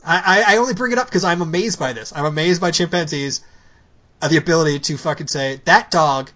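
A man co-hosting a casual podcast chat, excitable and swearing casually, laughing often. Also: on the high side, quick pace. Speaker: podcast co-host.

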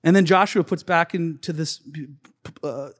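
A man with a notably high speaking voice delivers a storytelling sermon, acting out quotes and rising to shouts. The sound carries a long hall reverb. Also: measured pace. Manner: animated storyteller, acts out quotes, bursts into shouts. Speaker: pastor. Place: church sanctuary.

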